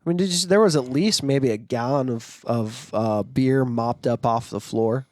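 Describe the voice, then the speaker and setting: This is a man's voice, medium in pitch and somewhat dark in tone, at a normal pace and recorded clean in a studio with no echo. He co-hosts a band podcast and plays guitar in the band, chatting casually in a laid-back way with offhand swearing. He's getting over a cough.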